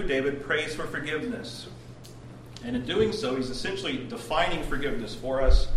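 A man preaching a devotional sermon at a prayer meeting, retelling with earnest emphasis and swings in loudness. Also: mid-range voice. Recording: roomy distant recording with background noise.

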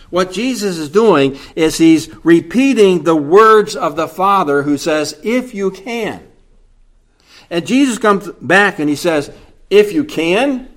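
Slow, deliberate male preacher. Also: on the high side, fairly bright tone. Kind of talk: sermon.

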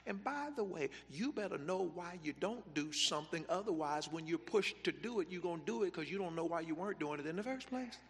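A man's voice: sits high, expressive, a little fast, few pauses, big-room sound. A man preaching a sermon as pastor, driving points home through emphatic repetition.

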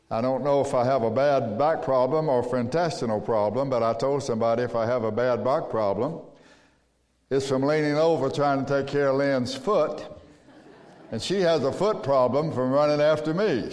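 A man's voice: mid-range voice, a little mellow, in a large hall. A man speaking as pastor, greeting his congregation in a friendly, folksy way before a sermon.

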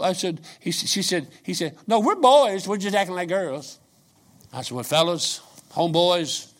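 An older man preaching a sermon, telling folksy stories and swinging from quiet asides to shouts. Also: medium pitch. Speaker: pastor.

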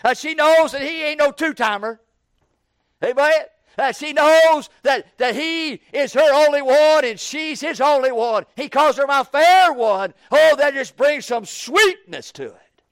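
A man preaching an evening sermon in a folksy way, repeating words and building up to shouted questions. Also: extremely high pitch, a little slow, no echo, clean studio sound.

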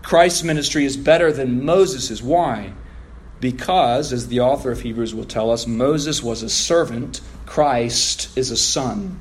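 A man's voice: mid-range voice, a little slow. A man preaching an evening sermon to his congregation, reading scripture and stressing key words emphatically. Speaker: pastor.

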